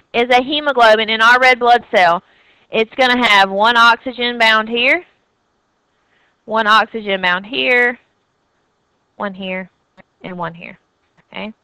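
A woman's voice: fairly high pitch, pushed and bright, smooth, no echo, low-quality recording. A woman with a Southern US accent giving an anatomy and physiology lecture, chatty and checking in with students with a frequent "okay?". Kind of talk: recorded classroom lecture.

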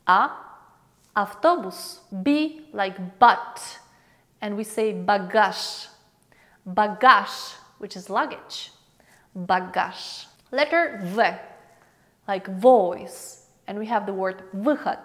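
Woman teaching letters, slow and clear. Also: fairly high pitch, in a large hall. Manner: slow, drawn-out letter sounds and repeated example words. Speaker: language teacher. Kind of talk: alphabet lesson for learners.

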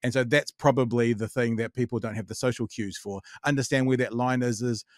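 A man's voice: medium pitch, fairly even intonation, fairly quick, no echo, studio quality. A man hosting a podcast, talking casually and reflectively and summing up what his guest has said. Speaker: podcast host. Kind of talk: casual interview conversation.

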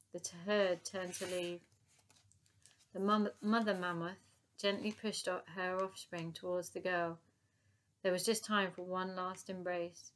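A woman narrating a children's book aloud in a calm, even storytelling manner. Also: fairly low pitch.

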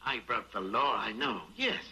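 An actor playing a crooked doctor in an old film, defensive and then begging and panicky. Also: male voice, medium pitch, very animated, normal speed, bright, forceful tone, full character voice. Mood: panicked. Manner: smooth, then pleading and panicky. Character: oily doctor running a baby-selling racket, cornered. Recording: old 1930s film soundtrack with faint noise.

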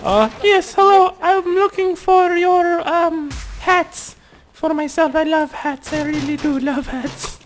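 A man voicing a prim, overly polite shopper in a high, sing-song falsetto during gameplay commentary. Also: steady tone, slow pace, a little hiss or hum.

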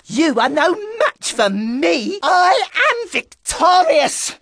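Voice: sits high, sing-song, slow pace, a bit bright, no echo, exaggerated voice. An actor playing a scheming, boastful male rat lord for a video game, with a nasal, gloating voice. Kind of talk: video game villain voice acting.

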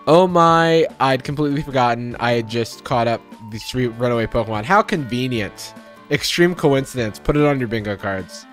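A man's voice: mid-range voice, moderate pace, soft background music, natural voice. A man voicing a fussy, proper old-fashioned male professor with formal, slightly pompous phrasing. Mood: prim, fussy.

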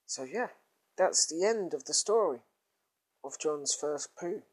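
A man's voice: on the high side, expressive, husky. A man telling a crude comic story in a casual, rambling way. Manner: rambling, crude, drawn-out groans.

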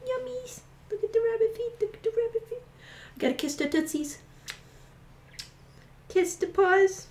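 A woman's voice: very high voice, a little mellow, voice pushed up, exaggerated voice. A woman cooing affectionate baby talk to her pet rabbit. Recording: echoey room.

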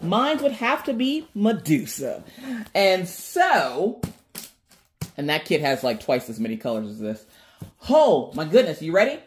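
Excitable chatty woman, lively pitch. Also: a little slow. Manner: excitable, chatty, addresses viewers as y'all. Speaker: craft channel host. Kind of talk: unboxing vlog.

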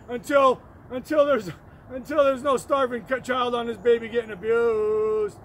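A man rambling in an excitable way, with sudden shouts and whoops, while walking up a hill outdoors and recording on a phone. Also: very high voice, measured pace, slight background noise. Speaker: vlogger.

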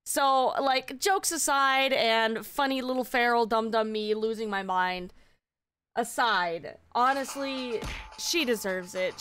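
Giddy swearing woman streamer. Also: on the high side. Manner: giddy, swears a lot, keeps repeating herself. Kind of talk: casual live-stream chat.

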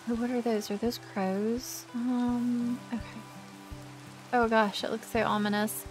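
A young woman, hosting a casual gameplay let's play, chatty and easily distracted, exclaiming often. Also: fairly high pitch. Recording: light background music.

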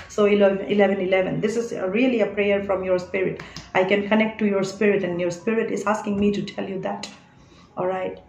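A woman's voice: medium pitch, fairly even intonation, fairly quick, darkish tone, dull audio. Earnest woman tarot reader. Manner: earnest, coaxing, keeps adding "all right?". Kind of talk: spiritual tarot reading to camera. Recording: echoey room.

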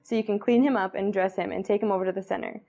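A woman reading a gentle father who cares for newborns, using soft, coaxing baby talk. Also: mid-range voice, fairly even intonation, rapid-fire, vocal fry.

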